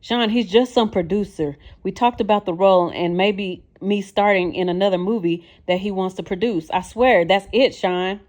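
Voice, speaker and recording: A woman's voice: medium pitch, moderate pace, few pauses, darkish tone, close to an everyday voice. Brief: woman narrator doing a scared, pleading heroine turning defiant, audiobook. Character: frightened young woman standing up to abuser.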